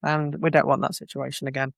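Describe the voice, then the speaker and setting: A man's voice: mid-range voice, flat delivery, fast, gravelly, a bit bright, no echo, clean studio sound. A man hosting a casual podcast chat, musing aloud and often restarting his sentences. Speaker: podcast host.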